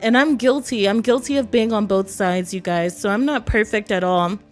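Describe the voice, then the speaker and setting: A woman's voice: mid-range voice, normal speed, soft background music. A woman from East Texas talking casually to the camera as a vlogger, laughing often and acting out quotes. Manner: chatty, laughs often, acts out quotes in other voices.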